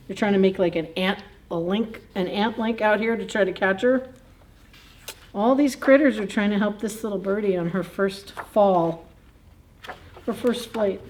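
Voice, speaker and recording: A woman's voice: mid-range voice, a little mellow, a little hiss or hum. A woman librarian reading a picture book aloud at a children's story time, in a playful, chatty way, chuckling and asking the kids questions.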